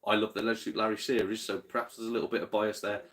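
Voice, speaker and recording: Brief: Yorkshire man, gaming stream host, lowish voice, laid-back and sweary. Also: little pitch movement, rapid-fire, a bit bright, a little hiss or hum. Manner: chatty, swears freely, laughs often. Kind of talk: casual livestream chat reading viewer comments.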